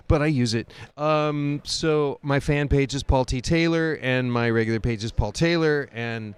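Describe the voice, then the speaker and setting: Chatty man with a smooth, raised voice. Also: a little high, takes it slowly. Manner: rambling, chatty, self-deprecating. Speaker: actor guest. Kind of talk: casual interview chat. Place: convention.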